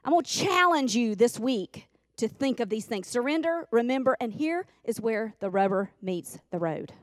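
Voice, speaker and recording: A woman's voice: fairly high pitch, big pitch swings, moderate pace, no echo, clean studio sound. A woman preaching a sermon in a church, folksy and repetitive, calling on the congregation to respond. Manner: folksy, repeats lines for emphasis, calls on the congregation. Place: church sanctuary.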